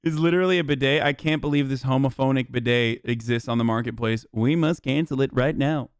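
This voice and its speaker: A man's voice: mid-range voice, brisk, clean tone, no echo, clean studio sound. A man in his thirties streaming live, reading his chat aloud and answering it with sarcastic, profane mock outrage.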